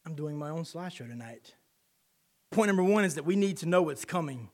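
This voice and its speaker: Pastor, thirties, light high voice, relaxed storyteller mixing scripture and anecdotes. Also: male voice, fairly quick. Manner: conversational storytelling with scripture reading. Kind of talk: sermon.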